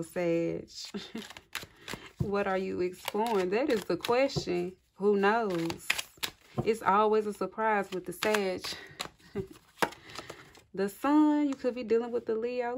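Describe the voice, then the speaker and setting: A woman's voice: medium pitch, noisy background. Effusive woman doing a tarot reading. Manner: effusive and encouraging, often laughing, addresses viewers directly. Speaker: tarot reader. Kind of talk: casual tarot reading to viewers. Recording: clearly audible card shuffling and clicks.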